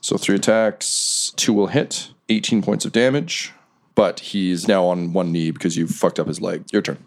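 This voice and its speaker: A man's voice: low voice, steady tone. A young man running a tabletop role-playing game, narrating the fight and its aftermath in a playful, often laughing way. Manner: laughing, playful narration with quick voiced side characters. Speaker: game master.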